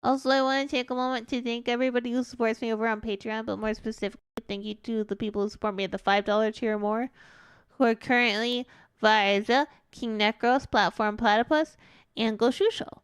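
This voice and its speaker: A woman's voice: a little high, fairly even intonation, brisk, clean tone, dry recording, clean studio sound. A woman streamer chatting casually while she plays, her voice stuffed up and congested, rambling and trailing off mid-sentence. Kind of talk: casual gaming stream chat.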